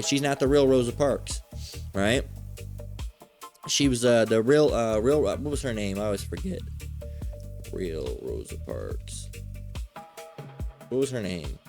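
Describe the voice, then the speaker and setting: A man delivers a fervent religious lesson in a mid-range voice, full of profanity and repeated "all right?" check-ins. His talk runs loose and conversational, like a street preacher. Faint music plays softly behind him. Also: medium pitch. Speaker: religious teacher.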